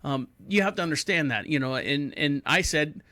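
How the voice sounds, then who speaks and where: The podcast host, in his forties, speaks at a normal speed with a fairly high voice and no echo in the recording. In casual conversation he narrates stories with energy, acting out anyone he quotes.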